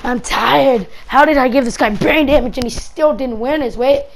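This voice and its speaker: A woman voicing a cocky male wrestling champion in a game, speaking his lines in a lower, quieter, smug tone. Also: normal speed, a little hiss or hum.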